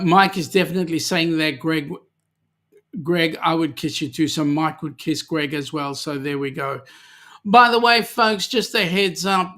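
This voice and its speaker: A man's voice: a little high, pushed and bright, clear, resonant tone. An Australian man hosting a livestream, chatting casually and reading viewer comments aloud with lots of ums. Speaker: livestream host.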